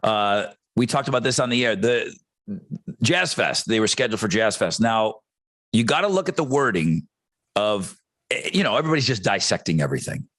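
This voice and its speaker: A middle-aged man co-hosting a podcast, laying out his points step by step in a measured way. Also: fairly low pitch, lively intonation, fairly bright tone, no room sound. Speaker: podcast co-host. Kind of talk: casual podcast chat.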